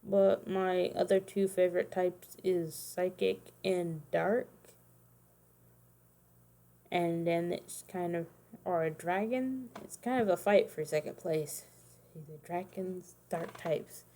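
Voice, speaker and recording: A woman's voice: on the low side, slow, warm tone. A woman in her thirties chatting casually on a livestream, rambling and correcting herself, sounding tired. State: tired, yawning. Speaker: streamer making custom cards.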